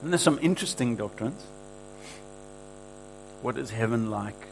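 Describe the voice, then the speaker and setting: A man's voice: on the low side, normal speed, creaky, long pauses, darkish tone, low-quality recording. Emphatic male preacher, faint hum. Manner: emphatic, quoting scripture with rising force. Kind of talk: sermon.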